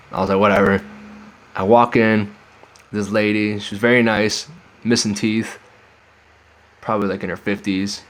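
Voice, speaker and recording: Young man, lowish voice, casual rambling storytelling, swears a lot, acts out dialogue. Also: fairly bright tone, rough recording. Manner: rambling, profane, acts out the voices of people he met. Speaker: vlogger telling a travel story.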